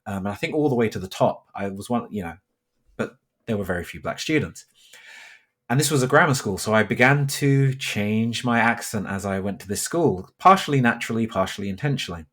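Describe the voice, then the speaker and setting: A young man from London, a geography teacher talking as a podcast guest, speaking deliberately with careful pronunciation. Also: lowish voice, animated, a bit bright. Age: young adult. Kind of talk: casual conversational interview.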